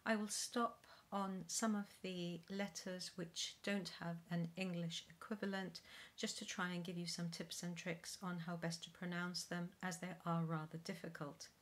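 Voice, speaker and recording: A woman from Wales, a soprano, giving a spoken pronunciation lesson, demonstrating sounds slowly and carefully. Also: fairly low pitch, flat delivery. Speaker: singing pronunciation teacher.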